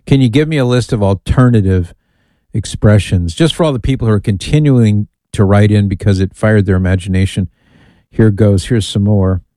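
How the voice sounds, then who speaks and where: Low, mellow-voiced male radio host. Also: normal speed, no echo. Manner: chatty, amused, reads listener emails aloud. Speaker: radio talk show host. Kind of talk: casual call-in radio chat.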